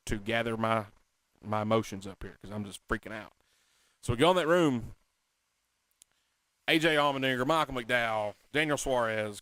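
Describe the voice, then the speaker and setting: Excitable man telling a story, dry room. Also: medium pitch, no echo. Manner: animated, excitable, self-mocking storyteller. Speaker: podcast host. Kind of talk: casual storytelling chat.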